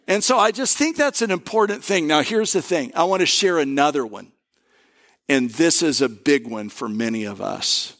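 A male pastor giving a conversational sermon, telling stories and slowing down to stress key words. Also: high voice, fairly bright tone. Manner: conversational preaching with storytelling and emphatic pauses.

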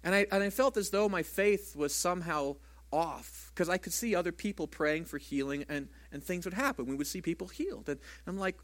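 A man's voice: high-pitched, expressive, a little fast. A man preaching a sermon as a pastor in a church, talking conversationally and asking the congregation rhetorical questions.

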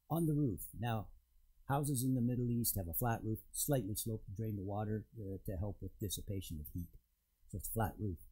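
A man preaching a sermon to a congregation, retelling a scripture story in a conversational, storytelling way with emphatic pauses. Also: lowish voice, warm tone, slightly rough, poor audio. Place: church in front of a congregation.

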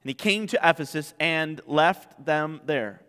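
A male pastor preaching a sermon, animated, with many rhetorical questions. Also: fairly high pitch, measured pace, smooth, long reverb tail.

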